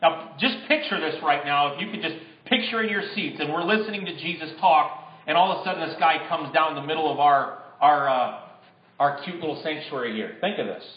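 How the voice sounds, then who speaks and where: A male pastor with a fairly high voice delivers a sermon, moving between easy conversational talk and forceful emphatic lines. His voice rings in a roomy church sanctuary. The recording is slightly dull. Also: a little fast, slight background noise. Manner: conversational, builds to emphatic bursts.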